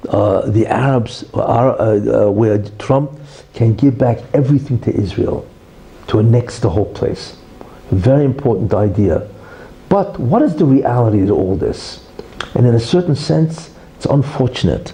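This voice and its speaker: A man teaches as a rabbi in an emphatic lecture, tagging point after point with "right?" and "you see". His voice is very dark and mellow, yet his pitch leaps around in a lively, animated way. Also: poor audio. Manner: teaches through a parable, acting out the quarrel in raised voices. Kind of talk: religious lecture.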